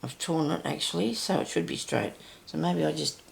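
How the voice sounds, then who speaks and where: An older woman with a raspy, deep voice, chatting and rambling through a casual stitching tutorial as host. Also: normal speed, a little hiss or hum. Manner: chatty, rambling, self-interrupting.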